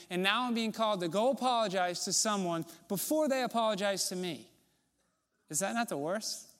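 A man gives a sermon in a lightly pitched voice, talking to the congregation like a friend. He asks rhetorical questions and sinks into soft, low tones for emphasis. His words ring out with a long reverb, as in a large sanctuary. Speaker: pastor.

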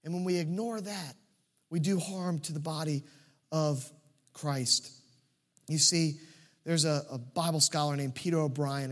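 High-voiced animated preacher man. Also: unhurried, pauses often, long reverb tail. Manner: animated preaching, swinging from loud emphatic peaks to quiet asides; repeats key phrases for emphasis. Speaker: pastor. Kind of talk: sermon.

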